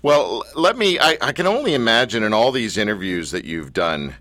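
A man's voice: on the low side, very animated, moderate pace, bright, forceful tone, dry recording. A male radio host asking questions in a chatty, playful way on a studio microphone. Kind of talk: radio interview.

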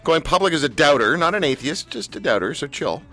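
A man hosts a live radio talk show with a bright, ringing voice whose pitch swings all over the place. He talks candidly and pokes fun at himself, and a faint music bed plays behind him. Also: fairly quick. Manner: candid, self-mocking, animated. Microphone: studio microphone.

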